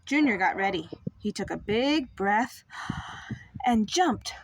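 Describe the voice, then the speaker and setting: Expressive mother reading a picture book. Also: medium pitch, slow pace, a little hiss or hum. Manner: expressive and sing-song. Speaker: mother reading to her child. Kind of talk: picture book read-aloud.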